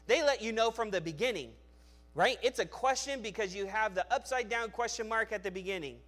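A man preaching a sermon alternates loud, emphatic declarations with quiet, low asides. He regularly restarts his sentences and repeats words.

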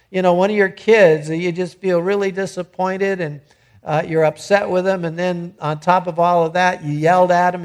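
A middle-aged man preaching a sermon in a conversational way, often restarting his sentences. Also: sits high. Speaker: pastor.

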